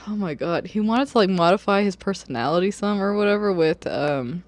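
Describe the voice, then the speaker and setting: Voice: medium pitch, normal speed, few pauses, no echo. A book vlogger in casual review chat, talking loosely with lots of fillers, swearing and bursts of laughter. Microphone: camera or phone on a wobbly stand.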